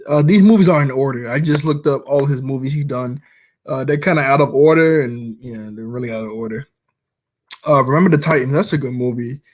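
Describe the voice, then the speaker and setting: A man's voice: mid-range voice, fairly quick. A man chatting casually about movies he likes, rambling along, often chuckling as he retells scenes. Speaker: vlogger.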